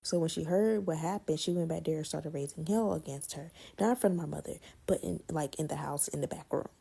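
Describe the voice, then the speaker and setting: Gravelly, husky woman telling a story. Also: low-pitched, fairly quick. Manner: animated, blunt, swears freely, repeats words for effect. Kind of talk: casual storytime.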